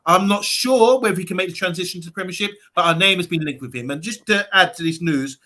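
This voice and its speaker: Casual podcast host, male, bright voice, halting delivery with fillers. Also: sits high. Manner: hesitant, many fillers. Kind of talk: casual football podcast chat.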